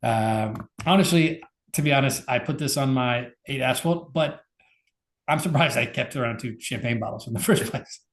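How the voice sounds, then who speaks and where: A man's voice: medium pitch, moderate pace, reverberant. A man co-hosting a podcast, talking in a laid-back, casual way with lots of fillers. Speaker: podcast co-host. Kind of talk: casual chat.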